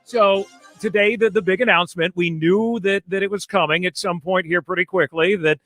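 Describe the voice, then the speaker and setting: A man's voice: high-pitched, normal speed, soft background music. Easygoing male news correspondent. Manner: relaxed, joking, easygoing. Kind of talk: casual chat then news report.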